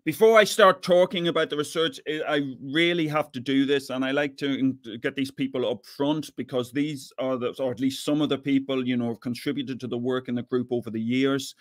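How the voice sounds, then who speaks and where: A man's voice: medium pitch, steady tone, brisk, few pauses, dry recording, clean studio sound. Chatty middle-aged Irish man lecturing. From Ireland, near the Northern Ireland border. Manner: chatty, repeats words while thinking. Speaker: physics professor giving an invited talk. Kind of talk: online lecture.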